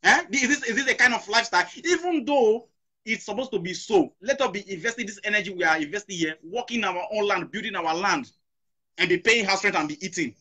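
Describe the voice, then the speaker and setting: A man's voice: sits high, fast talker, sharp tone. A middle-aged man with a Nigerian accent hosting a talk show, talking emphatically, repeating his questions and mixing in Pidgin. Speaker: host. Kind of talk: impassioned talk show discussion.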